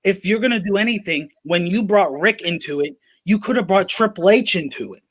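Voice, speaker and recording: A man's voice: high-pitched, fairly quick, fairly bright tone. A man co-hosting a sports talk show, making emphatic points and repeating them for force. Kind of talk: casual debate.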